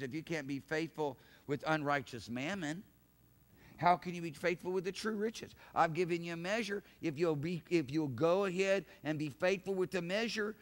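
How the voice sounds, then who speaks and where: High-pitched guy preaching a sermon in church, folksy, goes from mumbling low to shouting loud. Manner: swings from low murmurs to loud, shouted emphasis; folksy preaching with rhetorical questions. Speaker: pastor. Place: church sanctuary.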